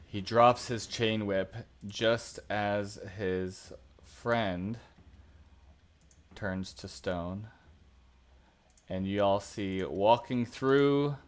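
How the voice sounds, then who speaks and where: A man narrating as game master of a tabletop game, deliberate and with fillers. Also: lowish voice, smooth. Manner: slow, deliberate, uses fillers.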